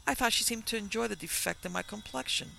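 A man reading a reserved young widow's account in an audiobook, measured and restrained. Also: high voice, gravelly, sharp tone, slight background noise, voice pushed up, heavily acted. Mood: wary.

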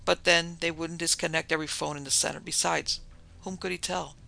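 A man narrating a thriller in a measured, dramatic reading. His voice is strongly gravelly and bright with a tense edge, pitched a little high for a man. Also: flat delivery. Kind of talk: scripted narration of a thriller story.

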